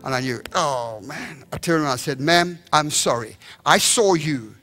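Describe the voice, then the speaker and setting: A young man preaching a revival sermon in a church, bright and ringing, with a fairly high voice for a man. He tells his story with energy and acts out the people in it. Soft music plays underneath. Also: animated, moderate pace. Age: young adult. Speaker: evangelist. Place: church sanctuary.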